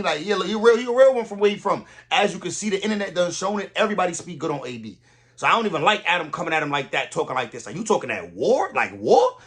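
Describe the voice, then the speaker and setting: Husky high-voiced man reacting animatedly. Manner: animated, slangy, incredulous. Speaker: reaction video host. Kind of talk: casual reaction commentary.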